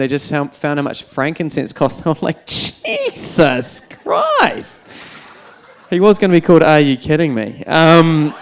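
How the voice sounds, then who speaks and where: A man's voice: mid-range voice, clean tone. A man doing a stand-up comedy routine on stage at a fundraiser, telling wry, self-deprecating stories with lots of fillers.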